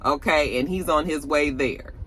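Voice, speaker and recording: A woman recaps an episode in a casual, animated way, cursing freely and slipping into the characters' lines. Her voice is bright and lively, with a faint hum of room noise behind her. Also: low-pitched, normal speed. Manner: animated, profane, acts out quoted lines. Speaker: TV recap YouTuber.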